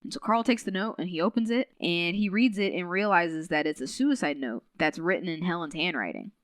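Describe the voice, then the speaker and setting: Smooth-voiced woman recapping a story. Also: a little fast, no room sound. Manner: chatty, filler-heavy retelling with lots of "like"; animated, quotes characters with shifting pitch. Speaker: podcast host. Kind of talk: casual book recap.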